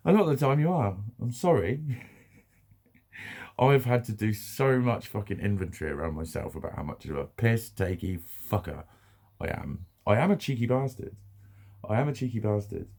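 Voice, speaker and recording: A man's voice: fairly low pitch, animated, normal speed, gravelly, a little mellow. A British man ranting bluntly in a casual vlog monologue, swearing freely, repeating himself and laughing now and then. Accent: British English. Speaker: vlogger.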